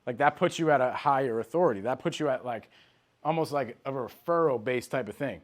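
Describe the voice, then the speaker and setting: Male sales coach, mid-pitched voice, direct and punchy delivery for a live training session. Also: a little fast. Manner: direct, emphatic, talks straight to trainees by name.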